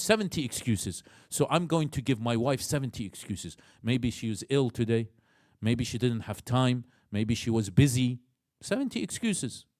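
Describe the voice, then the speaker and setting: Animated Iraqi-accented man lecturing in a mosque. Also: medium pitch, dry recording, studio quality. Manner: animated, acts out inner voices, asks the audience questions. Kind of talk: religious lecture.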